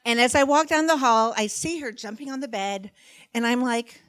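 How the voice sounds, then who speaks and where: A middle-aged woman performing stand-up comedy, telling stories about motherhood in an animated, self-mocking, conversational way. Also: a little high, normal speed, smooth, no room sound. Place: stage before a live audience.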